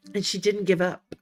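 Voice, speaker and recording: A woman with a somewhat low voice hosts a relaxed livestream for fellow writers. She chats warmly and encouragingly, calling her viewers honey and sweetie. A nagging cough keeps cutting into her talk. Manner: chatty and encouraging. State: coughing now and then. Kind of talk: casual livestream chat.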